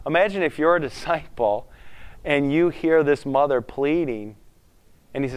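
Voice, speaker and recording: Smooth-voiced man preaching conversationally. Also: medium pitch, a little fast. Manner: asks the congregation frequent questions, animated. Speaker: pastor. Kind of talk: conversational sermon.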